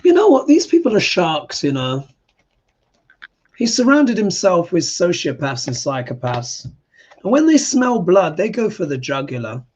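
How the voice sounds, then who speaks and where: A man hosting a live astrology stream, chatting and reading viewer comments in an animated way. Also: high voice, unhurried, dull audio, a little hiss or hum. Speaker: astrologer and live show host.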